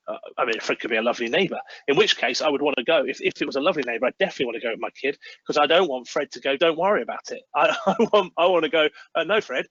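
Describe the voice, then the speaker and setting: A man's voice: mid-range voice, a bit bright, husky, no echo, muffled recording. A man speaking earnestly about parenting as a webinar guest, sometimes acting out little parent-child dialogues. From United Kingdom. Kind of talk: webinar talk. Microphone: video call.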